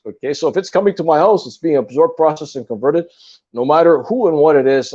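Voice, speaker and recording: A man's voice: on the high side, darkish tone, lo-fi sound. Earnest man lecturing on energy. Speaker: guest on a spiritual talk stream. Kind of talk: casual spiritual talk.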